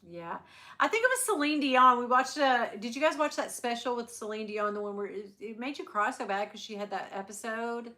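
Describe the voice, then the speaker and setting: Slightly high-pitched and a little fast, this middle-aged woman's voice sounds pushed, bright, and animated as she hosts a relaxed livestream. She chats and rambles with viewers and laughs frequently.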